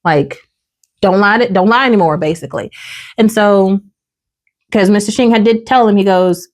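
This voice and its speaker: Recapping a drama on her podcast, a woman chats casually and animatedly, voicing the characters' lines herself. She speaks at a normal speed with a medium pitch, leaving long pauses.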